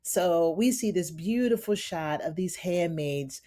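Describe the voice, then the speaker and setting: A woman with a somewhat low voice talks through a TV episode in a loose, chatty recap. She slips into the characters' voices to act out their lines, then drops back to her own casual commentary. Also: a little slow. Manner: animated, acts out characters' lines in shifting voices; chatty, addresses listener as honey. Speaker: TV recap reviewer. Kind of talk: casual recap with acted-out quotes.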